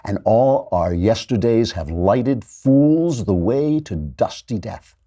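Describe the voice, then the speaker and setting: A despairing, doomed Scottish king, as a man puts him on for a reading, dragging each word out in slow, grave theatrical recitation. The voice sits low, husky and dark, and it sinks away on the bleakest words. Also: animated. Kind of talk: dramatic Shakespeare reading.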